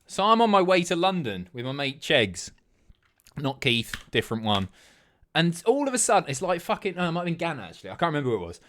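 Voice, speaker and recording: A man's voice: a little high, very animated, fast, a bit bright. A man streaming, casually commenting on TV clips with a lot of swearing.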